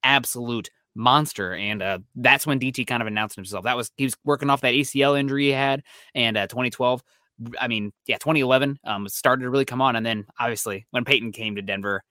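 A young man co-hosting a casual sports podcast, telling stories in a quick, excitable way. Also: medium pitch, no echo, clean studio sound. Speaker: podcast co-host.

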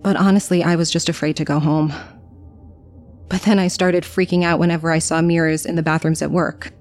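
A woman's voice: low-pitched, flat delivery, fairly quick, a little mellow. A young woman narrating a scripted horror story in the first person, diary-style, anxious and confessional.

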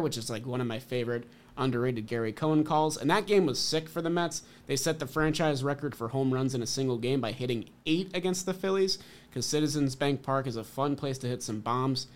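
A man co-hosting a podcast in casual sports chat, upbeat and teasing. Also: mid-range voice. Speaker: podcast co-host.

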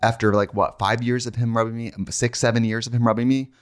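A man's voice: mid-range voice, fast, clean tone. A man co-hosting a podcast in casual, chatty conversation, now and then singing a snippet. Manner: chatty, animated, sings snippets. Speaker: podcast co-host. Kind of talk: casual chat.

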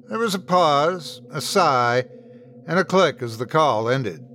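A man hosting and narrating a scripted horror story in the first person, with lively shifts in tone. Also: on the high side, slow, a little hiss or hum. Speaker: host and narrator.

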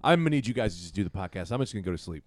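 A man co-hosting a podcast, scattered and excitable in casual banter. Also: lowish voice, very fast. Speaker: podcast co-host.

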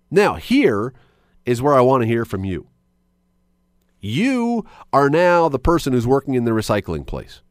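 A man's voice: a little high, no room sound, studio quality. Guy hosting a call-in radio show, chatty, voice bounces around a lot. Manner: chatty, animated, musing aloud. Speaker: radio talk show host. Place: radio studio. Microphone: studio mic.

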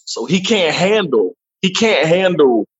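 A man, a comedian guest, chatting casually and profanely in an animated interview. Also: on the high side, unhurried, husky. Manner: animated, profane, jumps into voices. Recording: dull lo-fi remote line.

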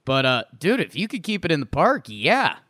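A man co-hosting a casual baseball podcast, talking in an animated, rambling way with lots of restarts. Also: a little high, normal speed, dry recording, clean studio sound. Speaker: podcast co-host. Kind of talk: casual sports chat.

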